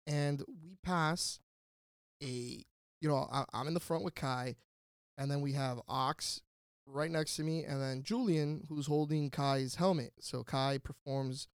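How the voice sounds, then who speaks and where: A man hosting a casual podcast, spinning a story with animated energy and jumping into other people's voices. His voice sits a little high for a man. The sound is dry and close, with no room in it. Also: a little slow, smooth, no room sound. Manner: animated, acts out quotes. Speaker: podcast host.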